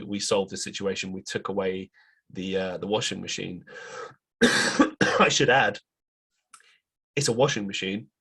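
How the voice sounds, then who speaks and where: Husky-voiced man telling a story. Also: lowish voice. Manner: animated retelling, quoting others in raised voices. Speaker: podcast host. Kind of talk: casual storytelling monologue.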